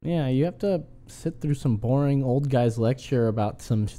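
Man, podcast co-host, medium pitch, jokey banter, casual swearing. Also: warm tone. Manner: joking, swears, quick interjections. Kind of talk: casual chat.

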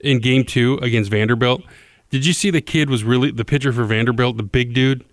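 A middle-aged man co-hosting a relaxed podcast, blunt and a little wry. His voice sits at an ordinary pitch and goes into sports facts at length. The recording is close and dry. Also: brisk, dry recording. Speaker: podcast co-host. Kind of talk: casual chat.

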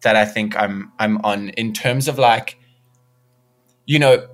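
A young man, a musician guest in a casual interview, telling an animated story and acting out what people said. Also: on the low side, slow pace. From South Africa. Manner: animated storyteller, acts out quoted dialogue.

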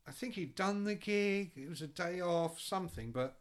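Brief: male storyteller, casual and sweary, voice slightly raised, pitch swinging widely as he acts out voices. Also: moderate pace. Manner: animated storyteller, swears freely, acts out other people's voices. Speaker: podcast guest telling road stories. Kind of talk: casual chat, anecdote telling.

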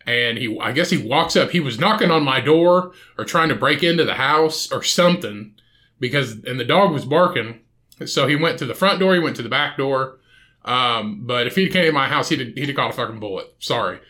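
Bright-voiced swearing podcast man. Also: mid-range voice, lively intonation, moderate pace. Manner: profane, rambling, swears constantly. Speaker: podcast host. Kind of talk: solo podcast rant.

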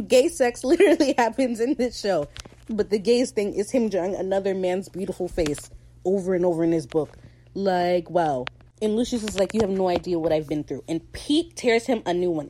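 A woman hosting a podcast, chatting casually in a slangy, animated way and acting out characters' lines as she recaps a show. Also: mid-range voice, a little hiss or hum. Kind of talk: casual chat.

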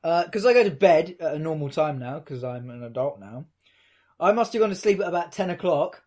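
A man's voice: fairly high pitch, animated, a little fast, darkish tone. A young man, casually telling a long story to friends and acting out the quotes.

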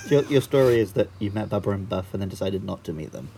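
A man's voice: fairly low pitch, expressive, quick pace, vocal fry, dark tone, husky. A British man from Britain co-hosting a podcast in casual chat, making dry, teasing wisecracks. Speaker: podcast co-host.

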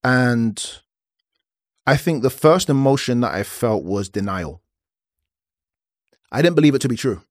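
A man's voice: medium pitch, expressive, a little slow, pauses often, dry recording, studio quality. Man candidly telling his own story. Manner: candid storytelling, acting out conversations. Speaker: podcast host. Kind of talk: candid personal podcast monologue.

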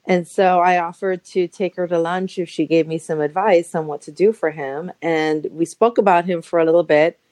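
A woman's voice: fairly low pitch, fairly even intonation, normal speed, few pauses, a little mellow, no echo. A woman in her forties, a guest telling an emotional personal story in a chatty way, full of fillers, sometimes acting out quoted voices. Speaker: interview guest. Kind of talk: personal story in a podcast interview. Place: Los Angeles.

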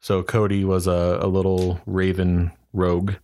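A young man co-hosts a casual podcast chat. His voice is low, and he talks in a laid-back way with easy laughs. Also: monotone, unhurried, a little mellow. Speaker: podcast co-host, game master.

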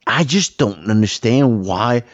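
A man's voice: lowish voice, animated, a little slow, no room sound, muffled recording. A tipsy man co-hosting a podcast, blunt and profane in a casual film review chat. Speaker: podcast co-host.

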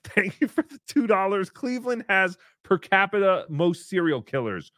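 Animated, mocking male livestream host. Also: sits high, normal speed, few pauses, dry recording, clean studio sound. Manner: mocking, animated, swings between shouting and muttering. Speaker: livestream host reading paid chat messages. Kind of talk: casual livestream rant.

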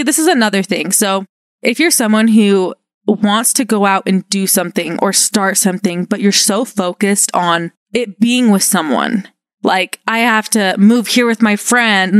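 A young adult woman hosting her own podcast, talking casually and excitedly, filling her sentences with "like". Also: medium pitch, moderate pace, dry recording, studio quality. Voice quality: upbeat, chatty with many "like" fillers. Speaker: podcast host. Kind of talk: casual solo podcast chat.

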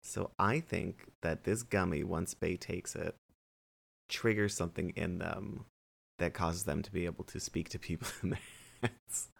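A man's voice: deep voice, measured pace, gravelly, breathy edge. A man playing a tabletop game, explaining his ideas in loose, rambling phrases. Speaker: player.

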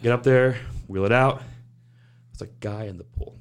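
A man casually telling an animated, profane story about his old job, acting out other people's lines as he goes. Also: mid-range voice, normal speed, clean tone. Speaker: guest recounting work stories.

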